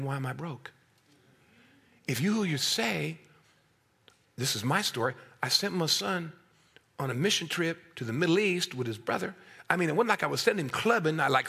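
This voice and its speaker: A middle-aged man preaching a sermon, swinging from hushed asides to loud, acted-out voices. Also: on the high side, gravelly, slightly rough.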